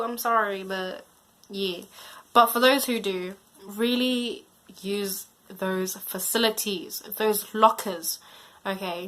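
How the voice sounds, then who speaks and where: A woman's voice: mid-range voice, pushed and bright. A teenage girl giving casual advice as a student vlogger, chatty and slangy, her volume drifting up and down. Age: late teens.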